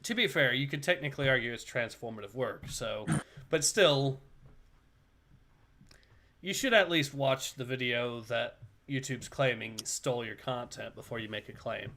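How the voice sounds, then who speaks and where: A man's voice: medium pitch, moderate pace, sharp tone, slight background noise. A man co-hosting a livestream, telling a story in casual chat with hedging asides. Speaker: livestream co-host.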